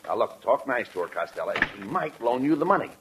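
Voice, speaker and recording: A man's voice: medium pitch, sing-song, fast. A man playing straight man in a 1940s radio comedy, bossy and exasperated. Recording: hissy 1940s radio broadcast with audience laughter.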